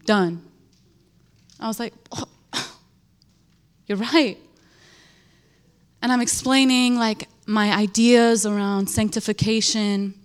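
A young woman giving an emotional, animated church testimony, telling a story with laughter and emphatic repetition. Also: mid-range voice, a little slow, clean tone. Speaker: speaker sharing a testimony.

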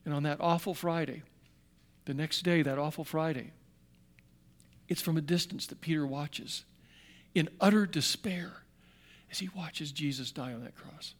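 A man preaching a sermon, swinging from hushed tones to loud emphasis and repeating phrases to drive them home. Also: fairly high pitch, unhurried, pauses often.

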